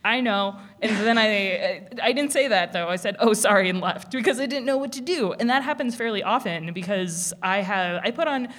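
A woman speaking on a panel in a casual discussion, animated, with many restarts and laughs. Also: mid-range voice, a little fast, hardly any pauses.

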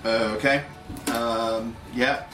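A man's voice: medium pitch, flat delivery, slow pace. A man running a tabletop game, explaining rules and reading them out with fillers. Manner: reads rules aloud, hesitant fillers. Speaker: game master. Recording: echoey room, faint music.

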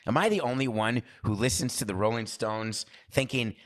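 A man's voice: medium pitch, brisk, few pauses. A man hosting a sports talk show in a casual, rambling monologue, drifting into digressions and asking rhetorical questions. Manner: chatty, asks rhetorical questions. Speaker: sports podcast host.

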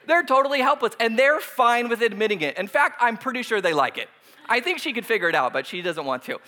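A man's voice: extremely high pitch, lively intonation, fast talker, pushed and bright. A man in his thirties preaching a casual, humorous sermon, joking at his own expense and laughing often between points. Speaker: pastor.

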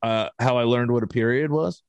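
A man's voice: medium pitch, fairly quick, dry recording. A man in his twenties, co-hosting a podcast, telling a family story in a casual, rambling way and acting out the quotes. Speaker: podcast co-host.

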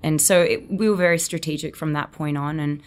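An Australian actress in her twenties, appearing as an interview guest, chats casually and tells stories, acting out the quotes. Her low voice has a steady tone and a brisk pace.

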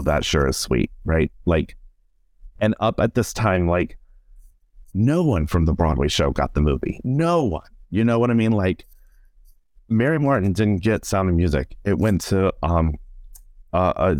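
Man, deep voice, dry close sound, animated interview storytelling, middle-aged. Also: dry recording. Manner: animated, chatty, full of "like" and acted-out quotes. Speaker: guest, stage performer and director. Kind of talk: casual podcast interview storytelling.

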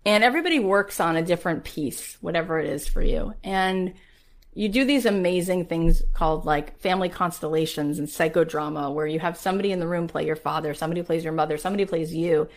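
Talking fast in a voice on the low side, a woman in her forties hosts her podcast. Rhetorical questions punctuate the personal story she tells, delivered with motivational emphasis.

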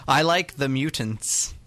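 Bright lively man joking on a podcast. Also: fairly high pitch. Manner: joking, animated, breaks into laughter. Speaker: podcast co-host. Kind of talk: casual toy podcast chat.

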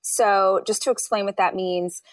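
Animated storytelling woman in her thirties. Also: measured pace, no room sound, distant mic. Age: 30s. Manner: animated, acts out quotes with high bursts. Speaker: author and guest. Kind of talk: storytelling interview.

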